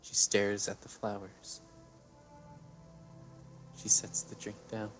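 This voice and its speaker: A man narrating his character's actions in a tabletop game, halting, with hesitations. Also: fairly low pitch, completely flat delivery, faint music behind. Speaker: player.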